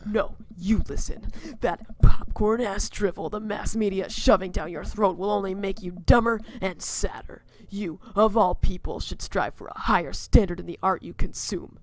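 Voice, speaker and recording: A woman voicing a gruff, brooding middle-aged man and intense film snob, in a low, breathy half-whisper that turns pompous when he lectures. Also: moderate pace, few pauses, lightly acted. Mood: lecturing. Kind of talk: voicing a visual novel character.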